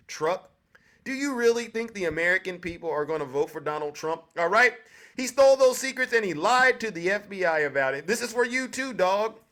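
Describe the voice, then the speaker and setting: A man hosting a livestream political debate, animated and lecturing, repeating a guest's name. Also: sits high. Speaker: livestream host.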